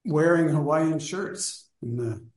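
A man's voice: on the high side, slow pace, a little mellow, echoey room. A man in a study group, casually telling a personal story and rambling as he searches for words.

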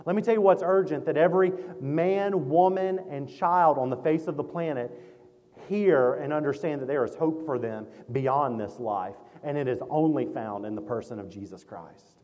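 High-voiced Mississippi pastor preaching. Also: male voice, normal speed, highs cut off. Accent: Southern US, Mississippi. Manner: folksy, conversational preaching with emphatic builds. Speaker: guest pastor. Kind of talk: sermon. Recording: long hall reverb.

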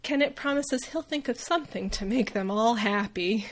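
A woman hosting a casual comedic book recap, wry and quick to laugh, tossing off quick voices for the characters. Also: on the high side. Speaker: podcast host recapping a novel.

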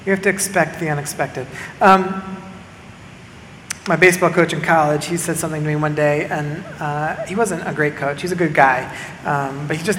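Young male pastor, casual chatty sermon delivery, high bright voice, roomy hall reverb. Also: steady tone, moderate pace, a little hiss or hum. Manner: casual, conversational preaching with many fillers.

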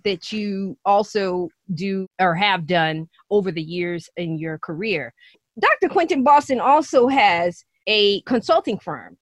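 A woman hosts her podcast with a lively, playful delivery and a voice that swings up and down in pitch, often breaking into laughter. Her voice is recorded close and dry, with no room echo. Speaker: podcast host. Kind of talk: upbeat podcast interview.

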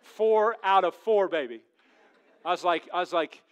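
A middle-aged man, a pastor preaching a sermon in a church, jokey and animated, swinging between loud and hushed. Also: sits high, normal speed. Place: church sanctuary.

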